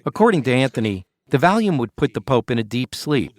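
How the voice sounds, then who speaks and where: A man hosting and narrating a documentary podcast in a measured, scripted storytelling way. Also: mid-range voice, sing-song.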